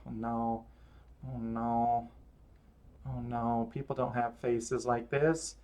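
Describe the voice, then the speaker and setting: A man's voice: mid-range voice, flat delivery, takes it slowly, a little mellow. A male streamer talks loosely as he draws, narrating every step. He rambles and pokes fun at his own mistakes in an easy, conversational way. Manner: rambling, self-mocking running commentary. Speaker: streamer drawing live. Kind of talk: casual chat while drawing.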